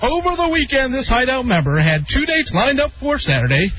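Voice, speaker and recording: A man's voice: very animated, fairly quick, a little hiss or hum. A man filling in as co-host, reading game show clues in a put-on announcer voice on a radio show. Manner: booming announcer delivery. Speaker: fill-in co-host. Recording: dull lo-fi radio audio.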